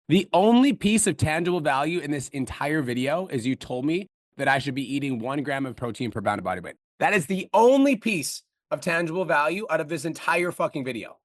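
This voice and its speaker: A man coaching with blunt, profane bluster. He talks at a rapid clip in a slightly raised voice. The sound is dry and close. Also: on the high side, no room sound. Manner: brash, profane, fast-talking. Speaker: business coach.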